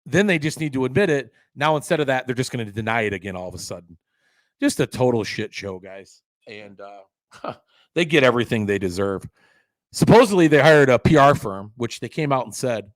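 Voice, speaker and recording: A man hosting a podcast, ranting in an indignant, sarcastic way. He swears freely and swings between loud outbursts and low mutters. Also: expressive, normal speed, no room sound, poor audio. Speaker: podcast host. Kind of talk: opinionated solo podcast rant.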